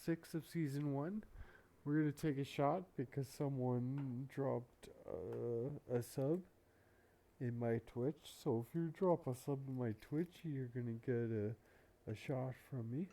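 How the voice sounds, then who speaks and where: A man hosting a reaction video talks slowly and unhurriedly, with a very dark, mellow tone. His commentary is loose and rambling, full of fillers and the odd curse word. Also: mid-range voice, creaky. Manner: rambling, filler-heavy, profane. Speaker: anime reaction channel host.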